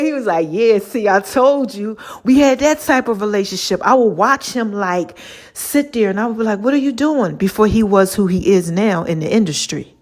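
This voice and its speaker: A woman hosting her own podcast, telling a personal story in a chatty, animated way, acting out both sides of old conversations and calling her listeners baby and child. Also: mid-range voice. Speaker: podcast host. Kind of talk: casual storytelling monologue.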